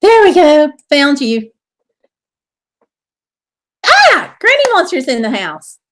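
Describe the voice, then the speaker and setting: A woman's voice: high voice, very animated, moderate pace, slight background noise. A woman hosting a casual live stream, chatting in a bubbly way and reading viewer comments aloud. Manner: bubbly and chatty, with exclamations and laughter.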